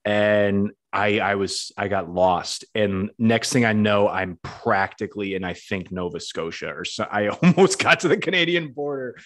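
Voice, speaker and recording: A man's voice: lowish voice, moderate pace, hardly any pauses, fairly bright tone. Massachusetts guy hosting a chat, loose and rambly, lots of likes and whatnots. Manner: rambling, lots of fillers and sidebars. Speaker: podcast host interviewing a filmmaker. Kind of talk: casual interview chat.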